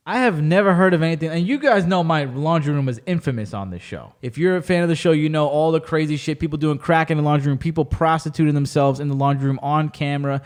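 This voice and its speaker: A man hosting a podcast, chatting casually and telling animated stories with plenty of swearing. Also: a little high, quick pace, few pauses. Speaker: podcast host. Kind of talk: casual chat.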